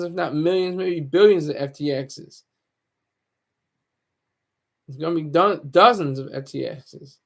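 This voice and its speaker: Gravelly-voiced man rambling to camera. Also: on the high side. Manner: rambling, self-mocking, many restarts. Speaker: YouTuber. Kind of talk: casual rambling monologue.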